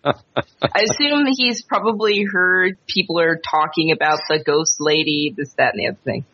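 A man playing a tabletop game in casual, quick talk. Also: fairly high pitch, a little hiss or hum. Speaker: player. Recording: dry, dull lo-fi recording.

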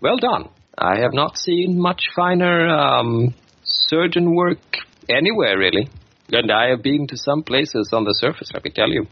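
Man voicing a quirky dwarf mystic, formal and wordy, husky voice, lively pitch, muffled lo-fi sound. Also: measured pace. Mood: courteous. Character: odd, polite male dwarf mystic, well-travelled.

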